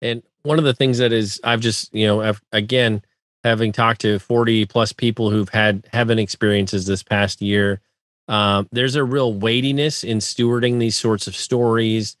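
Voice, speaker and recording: A man's voice: lowish voice, steady tone, fairly bright tone, no room sound, studio quality. Thoughtful man hosting an interview. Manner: thoughtful, halting, many restarts. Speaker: podcast host. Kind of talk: interview questions.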